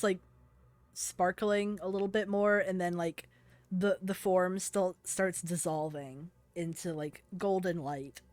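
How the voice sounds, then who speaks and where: A woman from the American South narrating as game master, with lots of fillers. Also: fairly low pitch. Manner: slow, filler-heavy narration.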